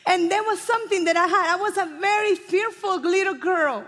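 A woman preacher with a Spanish accent, a native Spanish speaker, giving a fast, impassioned evangelistic sermon that drops to hushed pleading. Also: very high-pitched. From Spanish-speaking country. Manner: fast-talking, impassioned, swings from loud to hushed. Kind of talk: evangelistic sermon with altar call. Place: church hall. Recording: long hall reverb with soft music. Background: musicians playing softly.

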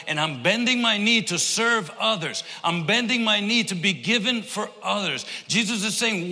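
A man's voice: high-pitched, pushed and bright, in a large hall. A man preaching a sermon, impassioned, with many repetitions and restarts. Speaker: pastor.

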